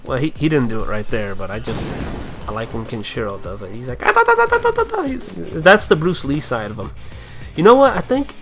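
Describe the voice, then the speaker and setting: A young man giving loose, profane gameplay commentary, rambling along and bursting into kung-fu yells. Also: medium pitch, very animated, fairly quick. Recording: faint game music behind.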